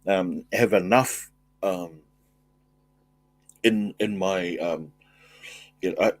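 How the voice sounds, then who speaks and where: An older man hosts a laid-back livestream chat, greeting viewers by name and answering comments. His voice sits a little low and sounds dry and close. He talks in halting bursts, full of restarts and fillers. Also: dry recording. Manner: halting, warm thanks, frequent fillers and restarts. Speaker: livestream host. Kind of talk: casual live chat, reading viewer comments aloud.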